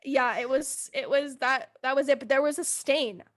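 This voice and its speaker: A young woman co-hosting a podcast, telling a story in a casual, animated way, laughing often and shrieking when she acts out quotes. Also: sits high, moderate pace, no echo, studio quality. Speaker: podcast co-host.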